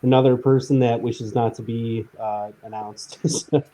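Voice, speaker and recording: A man's voice: mid-range voice, unhurried, low-quality recording. A man and indie filmmaker talking plainly in a casual live chat, with frequent restarts. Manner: relaxed, matter-of-fact, talks in short restarts.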